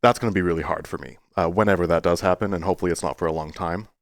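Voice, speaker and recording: Low-voiced earnest young man vlogging. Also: rapid-fire, gravelly, dry recording. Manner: rambling, earnest, with playful voice jumps. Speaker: YouTuber. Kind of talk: casual talking-to-camera monologue.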